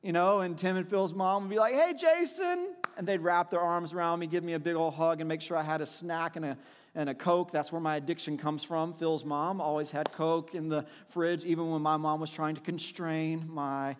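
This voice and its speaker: Man, preacher, slightly high voice, reflective, personal storytelling, long reverb of a large hall. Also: little pitch movement, brisk. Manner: reflective, personal, with frequent restarts. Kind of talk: sermon with storytelling.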